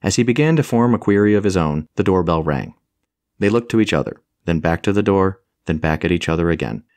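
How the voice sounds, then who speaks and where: Deep-voiced man narrating an audiobook. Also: expressive, a little fast, a little mellow, no echo. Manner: wry, comic storytelling delivery.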